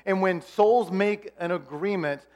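A middle-aged man gives a relaxed, talky sermon. His voice sits a little high for a man. He slips into short acted exchanges, going quiet and soft for the quoted lines. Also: measured pace. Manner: conversational, acts out dialogue with God in hushed tones. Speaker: pastor.

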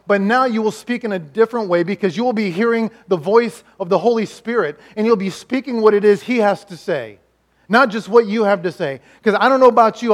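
A middle-aged man preaching a sermon, telling stories in an animated way and swinging between loud lines and hushed ones. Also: high-pitched. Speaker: pastor and chaplain.

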